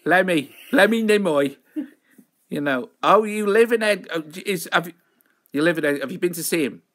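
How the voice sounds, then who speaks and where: A man's voice: high-pitched, expressive, a little fast, a bit bright. A man hosting a live show, chatting in a rambling, self-mocking way. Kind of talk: casual live-stream chat.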